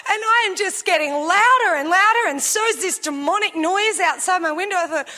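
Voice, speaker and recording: Woman pastor in her thirties, high bright voice, animated sermon delivery. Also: normal speed, few pauses. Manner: animated storytelling, shouting in the story. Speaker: preacher. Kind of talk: sermon with personal story.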